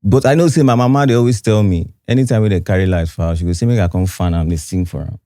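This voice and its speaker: A young man with a Nigerian accent, a singer guest telling stories softly and hesitantly, slipping into Pidgin. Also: deep voice, fairly even intonation, fast, no room sound, clean studio sound. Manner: soft-spoken, hesitant, mixes Pidgin. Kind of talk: casual storytelling interview.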